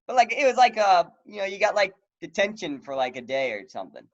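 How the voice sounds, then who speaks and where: A man with a high voice chats casually as a podcast co-host, full of fillers and quick laughs. The recording sounds a little dull and lo-fi. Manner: animated, laughing, lots of fillers. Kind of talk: casual chat.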